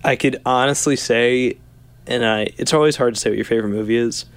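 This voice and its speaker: A man's voice: medium pitch, brisk. A young man with a New Jersey accent, a podcast guest who rambles in casual chat with dry humor and often trails off.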